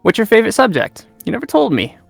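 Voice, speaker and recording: A woman's voice: a little high, very animated, fast, creaky, slightly rough, dry recording, faint music behind, exaggerated voice. A woman playing a creepy grown man who coaxes and stammers on a voice call, heard distant. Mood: wheedling. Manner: leering, wheedling, stammering.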